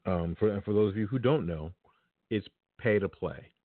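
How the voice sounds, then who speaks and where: A very low-pitched man talks straight to his audience in a blunt, opinionated, casual monologue. The sound comes through a tinny, phone-like line and is dry and close, with no room echo. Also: normal speed. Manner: blunt and opinionated, speaks directly to listeners. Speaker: podcast talk-show host.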